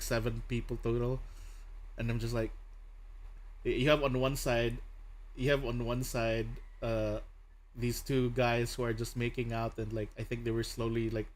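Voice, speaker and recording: A young man chatting casually as a streamer host, telling stories with lots of laughter and acted-out quotes. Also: medium pitch. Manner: laughs often, animated storytelling with voiced quotes. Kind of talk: casual chat while drawing.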